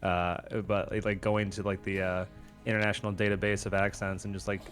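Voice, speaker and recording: Male co-host, lowish voice, hesitant, filler-heavy explainer. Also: flat delivery, a little fast, fairly bright tone, faint music behind. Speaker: podcast co-host. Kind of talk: casual chat.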